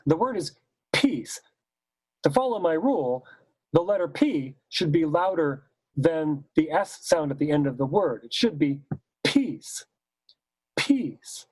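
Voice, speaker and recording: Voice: mid-range voice, a little mellow, husky, no room sound, poor audio. A choir director unhurriedly teaching diction, saying each example word the wrong way and then the right way. The voice sits in a middle range and sounds close and dry, with almost no room around it. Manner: demonstrates by saying example words both wrongly and correctly; explains patiently, stepping through points one by one. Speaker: choral conductor and clinic leader. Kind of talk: recorded teaching seminar.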